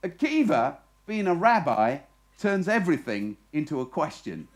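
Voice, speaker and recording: A man preaching at a festival, telling a story and acting out the shouted lines. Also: a little high, moderate pace. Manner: lively storyteller, acts out shouted voices. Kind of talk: sermon with storytelling. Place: festival stage.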